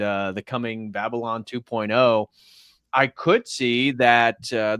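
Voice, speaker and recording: A man's voice: mid-range voice, a bit bright, clear, resonant tone, no echo, studio quality. A man hosting a religious livestream, speaking steadily and reading viewer messages aloud. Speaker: host of a religious stream. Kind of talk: livestream talk and reading donations.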